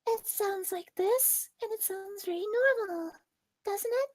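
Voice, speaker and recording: Brief: cute anime girl with a soft lisp, put on by a man, very high and slow, sweet and drawn-out. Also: dry recording. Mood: girly. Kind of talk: voice-training demonstration.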